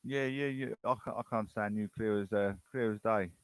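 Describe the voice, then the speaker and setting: A man's voice: lowish voice, quick pace, clear, resonant tone, no room sound, rough recording. Brief: British male host, rambling and unsure, casual chat, dry close sound. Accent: British English. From United Kingdom.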